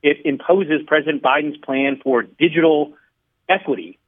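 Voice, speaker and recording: A man being interviewed on a radio show, laying out his points in a measured, explanatory way and sometimes telling a fable to make them. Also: fairly high pitch. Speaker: radio guest, regulatory commissioner. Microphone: phone line. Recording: tinny phone line.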